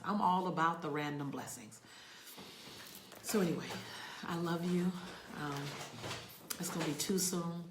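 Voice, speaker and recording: A woman talking to viewers on a casual livestream from a rental room, emphatic and warm, sometimes dropping to soft near-whispers. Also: deep voice, roomy sound, background noise. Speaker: motivational speaker hosting a livestream.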